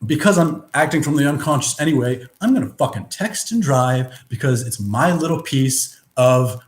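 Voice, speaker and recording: A man's voice: medium pitch, lively intonation, moderate pace, hardly any pauses. A man giving a rambling, philosophical monologue, blunt and profane, with many restarts. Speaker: vlogger. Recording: roomy echo.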